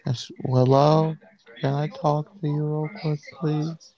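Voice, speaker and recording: A man's voice: on the high side, flat delivery, slow pace, creaky, lo-fi sound, a crowd in the background, voice pushed up. A man voicing a shy, hesitant teenage girl. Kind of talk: improvised fan role-play.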